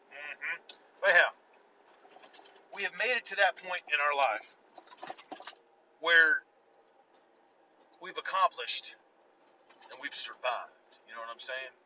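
A man's voice: fairly high pitch, sharp tone. A middle-aged man rambling in a casual, profane, folksy monologue while sitting in a vehicle. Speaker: vlogger. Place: inside a vehicle on a back road. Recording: dull lo-fi sound with faint car noise.

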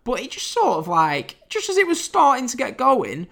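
A man's voice: very high-pitched, wildly swooping pitch, normal speed, gravelly, a bit bright. A British man with an English accent, hosting a casual solo wrestling review podcast, chatty and wry with frequent fillers and restarts. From United Kingdom.

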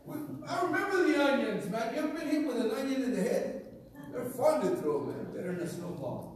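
A middle-aged man from Arizona preaching a sermon in an animated, colloquial way, often laughing. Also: extremely high pitch, fairly quick. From Arizona, USA. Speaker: pastor. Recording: very echoey hall from far off, faint noise.

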